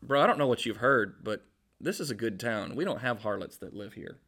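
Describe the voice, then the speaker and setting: A man voicing a smug, dismissive male businessman in a slightly lower voice. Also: lively intonation, a little fast, a bit bright.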